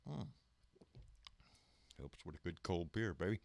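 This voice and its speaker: A man's voice: low voice, big pitch swings, a little slow, gravelly, a little mellow, no echo, studio quality. A man hosting a casual live stream, folksy and profane, calling everyone "baby" as he chats and rants.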